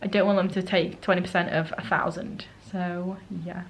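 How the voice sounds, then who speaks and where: A woman's voice: lowish voice, little pitch movement, normal speed, poor audio. A woman vlogging on a solo trip, chatting casually to the camera and acting out what people said to her. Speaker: travel vlogger. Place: holiday rental flat.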